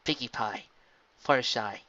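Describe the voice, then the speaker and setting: A man narrating fan fiction in a steady, earnest storybook reading. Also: mid-range voice, a little slow, dull audio.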